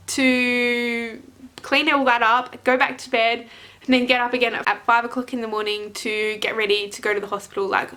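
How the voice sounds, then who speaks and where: A woman's voice: a little high, sharp tone. A young woman vlogger candidly recounting a personal story in a chatty way, with frequent ums and hesitations. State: emotional, close to tears at times.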